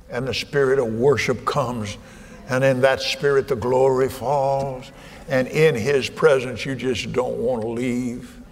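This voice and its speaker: Folksy preacher in a reverberant hall. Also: male voice, medium pitch. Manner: folksy, swings from soft murmurs to shouted exhortation. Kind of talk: sermon. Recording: hall reverb, faint ambience.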